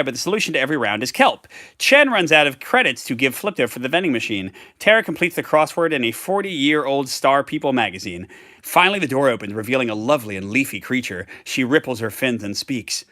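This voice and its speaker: A man's voice: mid-range voice, sharp tone, no echo, studio quality. A man hosting a live tabletop game playthrough, reading cards aloud with chatty asides. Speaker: host.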